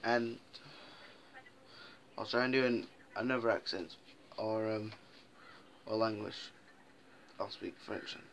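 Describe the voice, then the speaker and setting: Bright-voiced rambling vlog man. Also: fairly low pitch, steady tone, takes it slowly, vocal fry, long pauses, a little hiss or hum. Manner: rambling and jokey, with tangled wording. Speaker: YouTube host. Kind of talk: casual vlog chatter.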